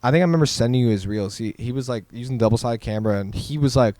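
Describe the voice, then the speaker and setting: A man's voice: mid-range voice, racing, mellow, no room sound. Male podcast co-host, dry close-mic sound, rambles through stories with a foul mouth. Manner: loose, profane storytelling with frequent filler words. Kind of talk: casual chat.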